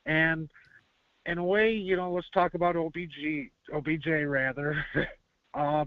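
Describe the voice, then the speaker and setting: A man's voice: on the high side, fairly even intonation, unhurried, no echo. A man from Buffalo, New York, calling in to a sports show, chatty with chuckles. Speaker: caller. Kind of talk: phoned-in fan talk. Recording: muffled phone line.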